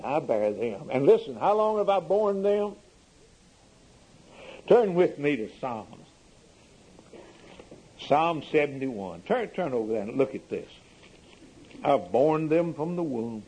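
A man's voice: mid-range voice, lively intonation, a little slow, pauses often, mellow, slightly rough, low-quality recording. A man preaching a sermon in an earnest way, his voice rising sharply for emphasis.

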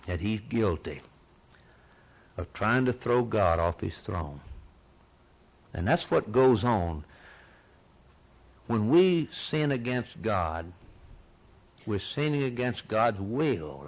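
A man preaching a sermon with dramatic delivery, swinging between loud outbursts and hushed tones and repeating phrases for emphasis. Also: medium pitch, poor audio.

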